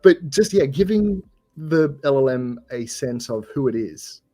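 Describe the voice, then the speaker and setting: A man's voice: mid-range voice, expressive, a little slow, warm tone. A man with an Australian accent, a guest on a developer show. He chats casually and hesitantly, with many fillers. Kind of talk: casual tech chat.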